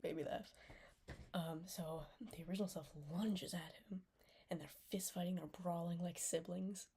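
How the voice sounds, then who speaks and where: Her voice is low, creaky, and mellow, with a steady tone and moderate pace, as a young vlogger loosely recaps a TV show. Fillers like "like" fill her rambling, she frequently whispers, and a bit of hiss or hum runs underneath.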